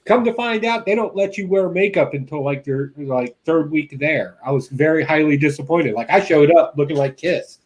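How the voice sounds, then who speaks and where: A man's voice: a little high, moderate pace, hardly any pauses. A man telling a funny story in casual chat, laughing often and acting out the people he quotes. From rural upbringing. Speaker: guest.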